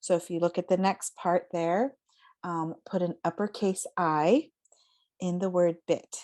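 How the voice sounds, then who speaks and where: A woman teaching a casual lesson, explaining slowly with many fillers and drawn-out example words. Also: fairly low pitch, darkish tone.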